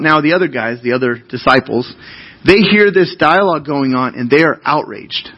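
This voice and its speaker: A man's voice: a little high, lively intonation, moderate pace, slightly rough, lo-fi sound. A man preaching a sermon as pastor, talking to the congregation in an earnest, conversational way and asking them questions.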